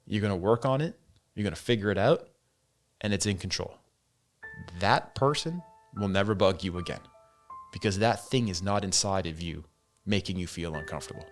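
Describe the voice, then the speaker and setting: A man's voice: deep voice, normal speed, faint music behind. A man hosting a casual solo podcast and talking candidly, swearing freely and saying "man" and "dude" as he goes. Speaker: podcast host.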